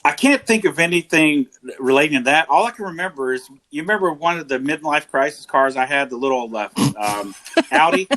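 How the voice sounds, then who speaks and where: Bright, joking man with faint hiss. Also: on the high side, animated, a little fast, low-quality recording. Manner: joking, hesitant. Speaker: podcast co-host. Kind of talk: casual chat.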